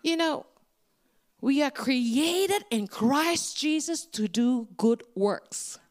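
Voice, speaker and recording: Brief: woman, middle-aged guest preacher, high voice, lively and expressive. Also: drawn-out words. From Indonesia. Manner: animated storytelling with big pitch swings. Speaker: guest speaker. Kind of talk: sermon.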